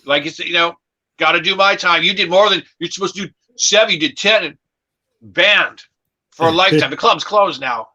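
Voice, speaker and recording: A man's voice: high voice, moderate pace, sharp tone, low-quality recording. A man, a comedian guest, telling chatty stories in a casual conversation. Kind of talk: casual storytelling chat.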